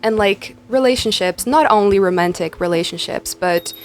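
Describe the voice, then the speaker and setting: A woman's voice: mid-range voice, normal speed. Chatty Brazilian woman with light accent. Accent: light Brazilian Portuguese. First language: Portuguese. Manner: chatty, animated, many fillers. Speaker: actress and producer, guest. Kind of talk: casual interview chat.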